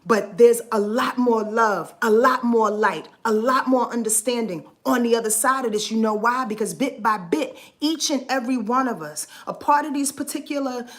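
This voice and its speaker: A woman's voice: fairly high pitch, normal speed, few pauses. A woman astrology vlogger talking in a heartfelt, rambling monologue, earnest and swearing freely, emotional and close to tears at times.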